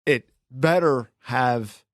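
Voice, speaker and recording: A man's voice: mid-range voice, extremely slow, dry recording. A man co-hosting a podcast, chatting casually and chiming in with quips on a close mic. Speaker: podcast co-host. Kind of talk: casual chat.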